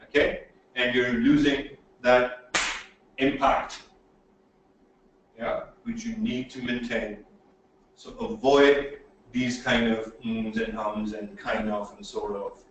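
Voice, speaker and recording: A man's voice: mid-range voice, takes it slowly, distant mic, a little hiss or hum. Emphatic man lecturing in an echoey room. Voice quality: animated, swings loud and soft. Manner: emphatic, repeats "okay?" to check in. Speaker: presentation skills trainer. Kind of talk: webinar lecture.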